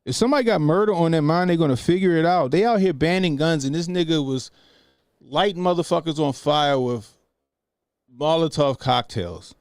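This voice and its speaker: A man's voice: a little high, normal speed, darkish tone, no echo, clean studio sound. A man hosting a live stream, giving blunt, profane commentary on a video clip he is about to play. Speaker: host. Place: studio.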